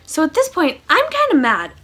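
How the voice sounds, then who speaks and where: A woman's voice: high voice, heavy background noise. Chatty woman telling a storytime vlog. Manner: chatty, sarcastic asides. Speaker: vlogger. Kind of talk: casual storytime monologue.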